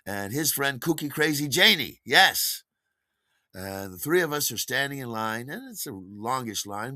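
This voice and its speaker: A man's voice: medium pitch, sharp tone, no room sound, clean studio sound. A man telling a long personal story in a wry, digressive, chatty way. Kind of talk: spoken storytelling monologue.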